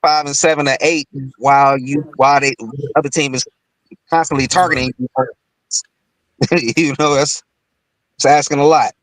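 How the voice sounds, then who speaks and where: A man's voice: mid-range voice, steady tone, normal speed, pauses often, fairly bright tone, no echo, rough recording. A man in casual sports chat, rambling with many fillers and short laughs between points.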